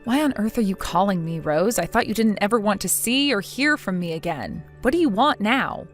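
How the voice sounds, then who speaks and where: A woman's voice: medium pitch, lively intonation, fairly quick, over music, natural voice. A synthetic woman's voice playing a defiant young daughter-in-law in a text-chat story, sarcastic and dismissive.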